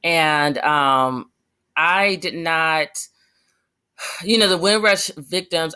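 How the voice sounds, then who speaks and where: Woman, young adult, bright voice, passionate rambling vlog commentary, lots of fillers. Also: low-pitched. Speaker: vlogger.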